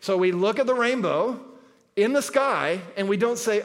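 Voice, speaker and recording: Brief: male pastor, fairly high voice, emphatic sermon delivery, long hall echo. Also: expressive, moderate pace. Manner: emphatic, repeats key words, shifts between loud and soft.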